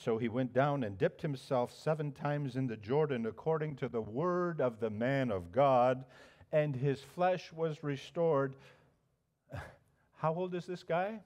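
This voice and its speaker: A male pastor preaching a sermon, telling a story with animated emphasis and frequent restarts. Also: mid-range voice, a little slow.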